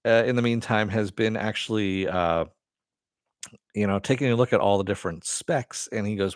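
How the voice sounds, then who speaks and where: A man's voice: on the low side, moderate pace, dry recording, clean studio sound. Rambling, chuckling male show reviewer. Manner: rambling, laughs often, many fillers. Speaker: show host. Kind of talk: casual live-stream TV review.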